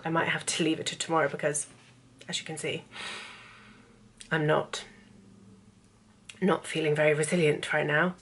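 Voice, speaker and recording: A woman in her thirties with a low voice, chatting to camera in a casual vlog. She talks candidly and drifts from topic to topic, her voice emotional and close to tears. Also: a bit bright. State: tearful, emotional. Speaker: vlogger and author. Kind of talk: casual talking-head vlog.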